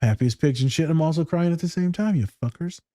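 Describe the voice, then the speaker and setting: A man's voice: fairly high pitch, fast talker, dark tone, no room sound, clean studio sound. A man who works as a therapist, co-hosting a podcast in loose, profane chat, telling stories with lots of energy, swearing freely and laughing often. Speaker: podcast co-host.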